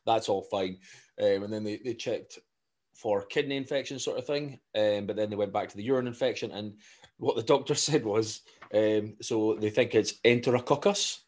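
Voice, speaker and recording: A Scottish man in his thirties, co-hosting a podcast as a casual chat, telling animated stories with frequent laughing and swearing. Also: on the low side, normal speed. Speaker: podcast co-host.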